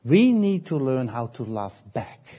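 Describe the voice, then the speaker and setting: A man preaching a sermon, slow and emphatic, often repeating phrases and pausing. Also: medium pitch, big pitch swings, mellow.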